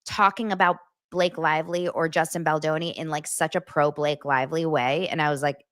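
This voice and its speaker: A woman hosting a casual chat podcast, telling stories quickly and excitedly, laughing often. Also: deep voice, no echo, clean studio sound. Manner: excitable, fast storytelling with lots of laughs. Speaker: podcast host. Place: home studio set.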